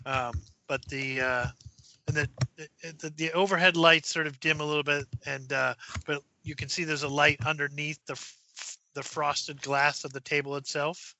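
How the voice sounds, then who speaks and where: A man running a tabletop horror game as game master, narrating with halting fillers and dropping to a whisper for eerie moments. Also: fairly high pitch, flat delivery, creaky, sharp tone, lo-fi sound, slight background noise. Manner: halting, many fillers, drops to a whisper for spooky parts.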